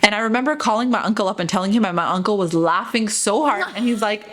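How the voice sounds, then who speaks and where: A woman co-hosting a podcast, telling a story in casual chat, animated and full of "girl" and "okay". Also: medium pitch, fast. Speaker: podcast co-host.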